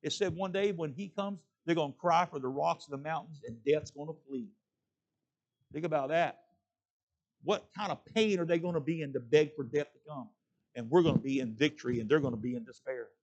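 Man, middle-aged, pastor, sermon, folksy, gravelly, slightly high voice. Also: a little fast, a little mellow, lo-fi sound. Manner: preaching with frequent call-outs of "amen?" to the congregation; folksy, plain-spoken, with colloquial grammar.

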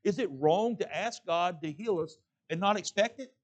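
A man's voice: high voice, normal speed. A middle-aged man preaching a sermon, folksy and plain-spoken, often calling out "amen?" to the congregation. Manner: preaching with frequent call-outs of "amen?" to the congregation. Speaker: pastor.

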